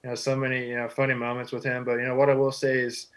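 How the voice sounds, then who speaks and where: This is a young man in his twenties from Texas, chatting as a guest. He sounds modest and relaxed and keeps reaching for "you know" between thoughts. His voice sits at an ordinary middle pitch for a man. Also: fast, poor audio. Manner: easygoing, humble, heavy on "you know" fillers. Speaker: guest, football quarterback. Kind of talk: casual interview answers.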